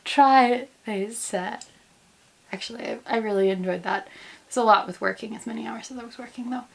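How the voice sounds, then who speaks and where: A woman's voice: fairly high pitch, steady tone, fast, gravelly, a bit bright, breathy edge. Rambling, goofy young American woman. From United States. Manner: rambling, goofy, self-mocking. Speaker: vlogger, grad student. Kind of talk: casual chat to camera. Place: indoors at home in quarantine.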